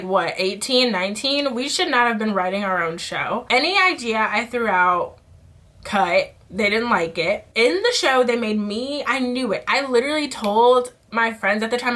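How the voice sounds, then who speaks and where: A young adult woman talking candidly in a casual storytime vlog, animated and full of fillers while she does her makeup. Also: a little high. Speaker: vlogger.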